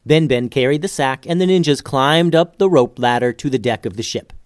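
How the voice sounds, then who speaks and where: A man's voice: medium pitch, brisk, dry recording. Man narrating a storybook, dry sound.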